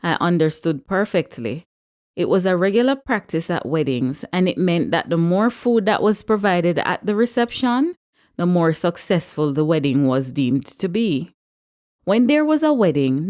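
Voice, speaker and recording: A woman, reading a story aloud in a measured, expressive way. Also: fairly low pitch. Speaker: audiobook narrator.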